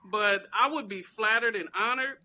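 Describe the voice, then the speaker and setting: Bright, emphatic woman in casual chat. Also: mid-range voice, moderate pace. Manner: animated, emphatic, informal slang. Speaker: guest, celebrity crafter.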